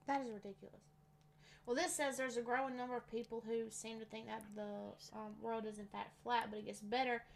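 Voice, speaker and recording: A woman's voice: on the high side, little pitch movement, brisk, creaky, slight background noise. A woman in her twenties chatting casually, reading bits from a website with giggly, wry asides. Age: 20s.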